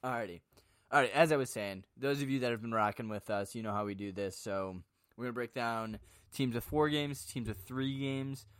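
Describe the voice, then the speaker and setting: A young man co-hosting a podcast in casual chat, animated and jokey, often repeating himself. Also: mid-range voice, normal speed, clean tone, no echo. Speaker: podcast co-host.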